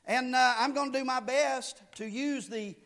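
At a moderate pace, a man gives a fiery sermon, alternating between shouted key lines and low explanations. He repeats phrases to add emphasis.

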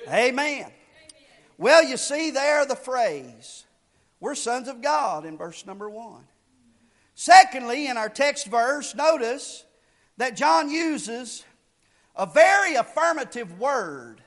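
Man, very high voice, slow deliberate delivery, fiery sermon, shouts and drops low, repeats phrases. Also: sing-song. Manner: shouts key lines, drops low to explain. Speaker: preacher.

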